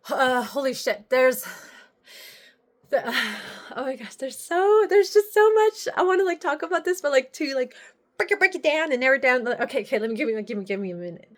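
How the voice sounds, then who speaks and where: A woman vlogger giving a casual spiritual check-in, rambling with frequent restarts and casual swearing. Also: high voice.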